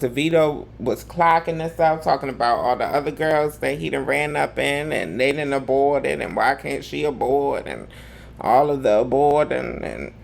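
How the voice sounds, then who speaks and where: A man's voice: mid-range voice, creaky, slight background noise. A man hosting a live gossip commentary show, talking in a sassy, campy way full of drawled slang. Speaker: host.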